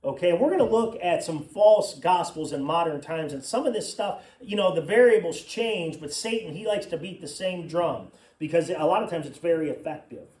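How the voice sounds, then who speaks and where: High-voiced male pastor preaching. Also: animated, moderate pace, few pauses, darkish tone. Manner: conversational preaching with personal asides. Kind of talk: sermon. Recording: echoey room, mic at a distance.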